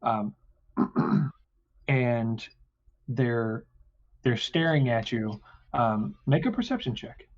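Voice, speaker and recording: Halting man narrating as game master. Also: mid-range voice. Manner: halting, many fillers. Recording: slightly muffled audio.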